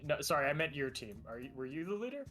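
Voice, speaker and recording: A man's voice: on the high side, big pitch swings, fast talker, fairly bright tone, faint music behind. A man playing a hesitant, polite young scavenger.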